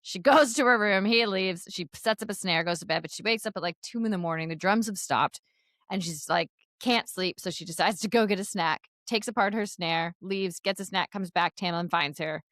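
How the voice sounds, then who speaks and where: A woman co-hosting a podcast, recapping a book in casual chat, telling it in an animated way, laughing often and saying "like" a lot. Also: mid-range voice, moderate pace, dry recording, clean studio sound. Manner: animated storytelling, frequent laughs and "like". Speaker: podcast co-host.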